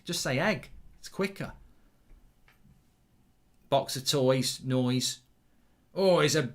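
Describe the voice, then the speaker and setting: A man's voice: mid-range voice, animated, slow, pauses often, fairly bright tone. A middle-aged man hosting a live football watchalong, chatting loosely, reacting to the match as it happens and reading out viewer comments.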